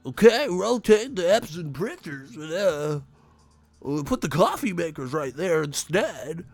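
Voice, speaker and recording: A man's voice: fairly high pitch, sing-song, measured pace, faint music behind, pitched above the performer's own voice, full character voice. A man doing a fussy, bossy customer. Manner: nitpicking, telling others what to do.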